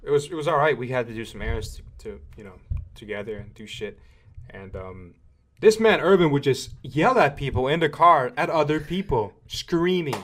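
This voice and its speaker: A man's voice: mid-range voice, expressive, moderate pace, fairly bright tone. A young man, a podcast host, talking in a laid-back casual way and wrapping up the episode. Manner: laid-back, brief responses. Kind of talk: casual chat.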